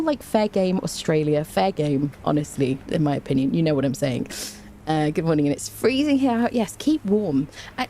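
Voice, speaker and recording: Low, mellow woman game streamer, chatty, greets chat warmly and laughs a lot. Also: a little hiss or hum. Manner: chatty, greets viewers by name, laughs often. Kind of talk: casual livestream chat.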